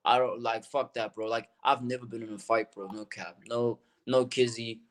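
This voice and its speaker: Young rapper dude chatting, earnest, says bro a lot, medium pitch. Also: male voice, level tone, moderate pace. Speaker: rapper guest. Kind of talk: casual interview chat.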